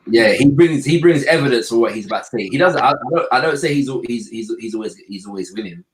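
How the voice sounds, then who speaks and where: A man's voice: medium pitch, expressive, fast, crowd noise, poor audio. A man in casual podcast chat, often stumbling and repeating words as he talks. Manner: hesitant, repeats words, slang-heavy. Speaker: podcast host.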